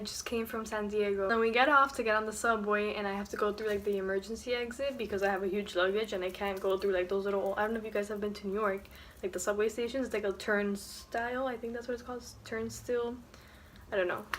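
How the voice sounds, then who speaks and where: A woman's voice: medium pitch, fairly quick, a little hiss or hum. A young woman vlogging from her dorm room at night, telling a story casually with lots of filler words. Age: young adult. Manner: chatty, lots of "like" fillers, animated retelling. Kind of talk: casual story time vlog.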